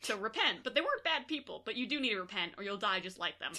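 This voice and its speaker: A woman co-hosts a podcast in an easygoing chat, with a bright, crisp tone. She tells jokey stories and laughs between her lines. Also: medium pitch, big pitch swings, fast. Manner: giggly, jokey storytelling. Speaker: podcast co-host. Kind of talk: casual chat.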